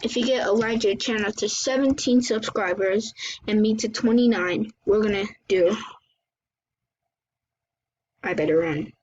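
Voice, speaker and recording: A woman hosting her gaming channel, chatting excitably through live gameplay commentary, often exclaiming and apologizing. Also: medium pitch, moderate pace. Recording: dull lo-fi recording with faint hiss.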